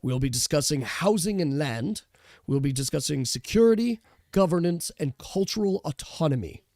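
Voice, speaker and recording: A man's voice: on the high side, animated, a little mellow, no room sound, clean studio sound. A man playing a solemn rebel leader. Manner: formal, measured speech. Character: solemn male resistance leader addressing allies.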